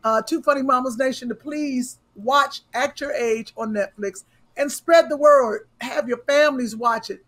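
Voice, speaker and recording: A woman's voice: sits high, moderate pace, a bit bright. A woman hosting a podcast, chatting casually, telling stories animatedly and teasing her co-hosts. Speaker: podcast host. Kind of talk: casual chat.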